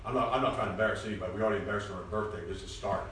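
A man preaching a lively sermon, animated and prone to loud bursts and mimicking people, recorded in a church hall from a distance. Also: lowish voice, rapid-fire, a little hiss or hum. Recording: echoey church, mic at a distance.

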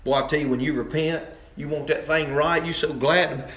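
A man preaching a fiery sermon, jumping from loud outbursts to low, quiet asides. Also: normal speed, few pauses. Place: church sanctuary. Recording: roomy church echo.

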